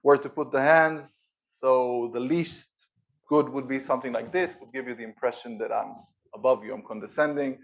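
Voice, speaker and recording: Energetic man giving an office talk. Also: mid-range voice. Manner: energetic, demonstrative, pausing for emphasis. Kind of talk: live presentation to co-workers. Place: office event room with an audience.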